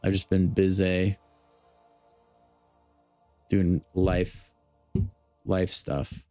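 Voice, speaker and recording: A man hosts a live gaming stream, chatting and joking with his viewers in a low, smooth, resonant voice. The sound is dry and close, with faint music underneath. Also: completely flat delivery, extremely slow, warm tone, no room sound. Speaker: game streamer.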